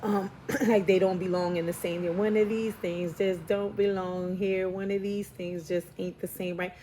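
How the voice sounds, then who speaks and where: A woman of Puerto Rican background from the New York and Philadelphia area, a Spanish heritage speaker, reads tarot cards in a casual, spiritual way. She thinks aloud with lots of fillers and keeps checking in with "right?" Her mid-range voice is warm and flat at a moderate pace, with slight background noise.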